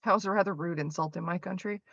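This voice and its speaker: Bright-voiced, foul-mouthed woman streamer ranting. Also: fairly low pitch, fast talker, dry recording, lo-fi sound. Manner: profane, ranting, sarcastic. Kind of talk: casual chat.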